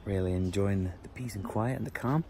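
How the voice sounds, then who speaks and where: A man chatting casually to a handheld camera as a travel vlogger, relaxed and full of fillers. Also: fairly low pitch, brisk. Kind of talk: casual vlog narration. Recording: loud background noise.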